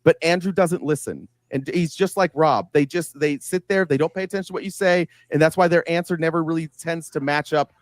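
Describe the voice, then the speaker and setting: A man in a heated online debate, halting at first and then quick and combative, speaking into a home computer mic on a voice call. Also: a little high, no room sound. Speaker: debate participant.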